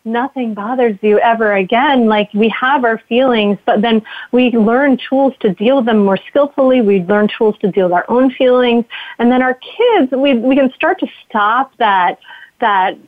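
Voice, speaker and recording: Middle-aged woman guest, animated, laughs a lot; dry tinny phone-line sound. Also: on the high side, moderate pace, no echo. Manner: lively, laughs often, acts out quoted feelings. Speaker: guest, mindful parenting author. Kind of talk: casual interview talk.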